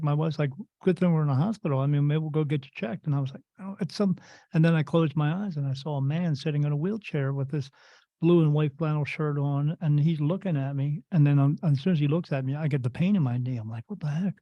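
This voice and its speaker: A man's voice: fairly high pitch, quick pace, no room sound, lo-fi sound. A man hosting a podcast, telling a rambling story in casual talk full of restarts and quoted dialogue. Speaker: podcast host and spirit medium.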